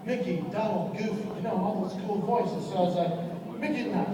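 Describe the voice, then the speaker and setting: A man with a fairly high voice tells comic stories and drives audience participation on stage. His voice echoes through a large auditorium with a long reverb tail. He is picked up from a distance over a loud, noisy crowd. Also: brisk. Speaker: comedian and entertainer. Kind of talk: live stand-up storytelling.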